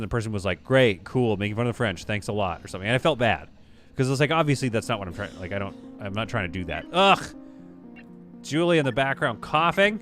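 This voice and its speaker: A man's voice: lowish voice, fairly bright tone. A man chatting casually while streaming a video game, rambling between topics and often laughing. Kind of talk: casual live gameplay commentary.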